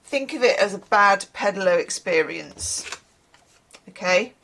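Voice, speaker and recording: A chatty woman hosts a casual tarot reading vlog, drifting off on tangents and laughing at herself. Her voice sits at a middling pitch but moves around a lot, bouncing up and down as she talks. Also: lively intonation, measured pace, gravelly, sharp tone. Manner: chatty and rambling, often laughing. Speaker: tarot reader.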